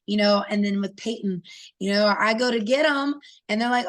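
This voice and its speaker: A woman in her thirties telling family stories as an interview guest, casual and animated, acting out what her kids said. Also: mid-range voice, moderate pace. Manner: animated, acts out quoted voices of her kids. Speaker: guest fighter.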